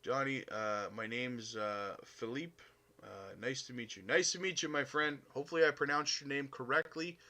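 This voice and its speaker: A Canadian man talks loosely through a live stream, reading chat and calling everyone buddy. His voice sits at an ordinary pitch but has a bright edge, and he fills gaps with plenty of uhs and ums. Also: moderate pace. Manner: upbeat, chummy, calls viewers buddy, many uh fillers. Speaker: crypto live stream host.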